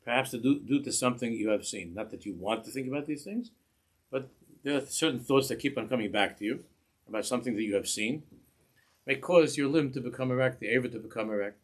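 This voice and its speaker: A man giving a religious lesson in a measured way, often repeating phrases as he searches for words. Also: mid-range voice. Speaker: religious teacher. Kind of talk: instructional talk to parents.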